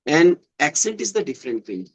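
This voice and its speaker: In a rough recording, a man with a slightly high, very animated voice talks briskly during casual conversation practice. Originally from western Uttar Pradesh with Hindi as his first language, he speaks Indian-accented English, explains patiently, and often repeats words while finding his phrasing.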